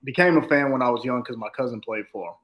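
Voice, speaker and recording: Easygoing male coach in his 30s, relaxed guest on a podcast. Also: medium pitch, fast talker, poor audio. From Los Angeles. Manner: laid-back, easygoing, some stammering restarts. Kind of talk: casual interview chat.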